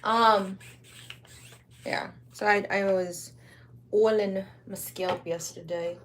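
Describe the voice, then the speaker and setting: Young woman streamer, Wisconsin-raised, slow rambling slang chat, mid-pitched. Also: fairly even intonation, a little hiss or hum. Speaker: livestreamer crafting a rug. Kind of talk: casual livestream chat.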